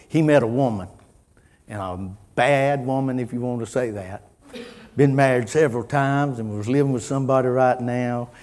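A middle-aged man preaching a sermon, folksy in tone, moving from quiet musing to loud impassioned preaching. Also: mid-range voice, in a large hall. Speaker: pastor.

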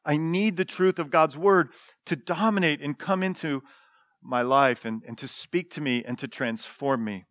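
A middle-aged man preaching a sermon as pastor, in a conversational storytelling manner with restarts and quiet asides. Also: on the high side, normal speed, no room sound, studio quality. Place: church.

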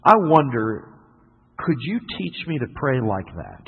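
A middle-aged man preaching a sermon as a story, swinging between loud and quiet. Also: mid-range voice, very animated, a little slow, vocal fry, slightly rough. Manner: storytelling with dramatic swings in loudness. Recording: tinny phone-like sound in a reverberant hall.

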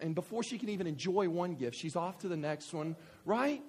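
Animated, husky-voiced male pastor. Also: a little high, a little fast, hardly any pauses. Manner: animated, joking, conversational. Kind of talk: sermon.

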